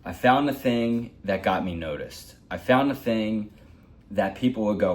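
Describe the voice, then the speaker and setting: Man, 40s, deep voice, rambling heartfelt storyteller, vlog. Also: measured pace. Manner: rambling, heartfelt, repeats himself. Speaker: hockey vlogger. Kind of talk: personal storytelling.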